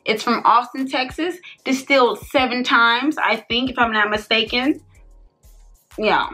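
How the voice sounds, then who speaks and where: Her voice a little high, pushed and bright, a tipsy woman vlogs a casual makeup tutorial, cursing freely and chatting loosely with viewers.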